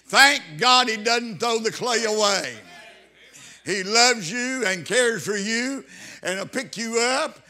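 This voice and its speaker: A man's voice: very high-pitched, takes it slowly, pushed and bright. A man preaching a fervent sermon, repeating phrases and calling out hallelujahs.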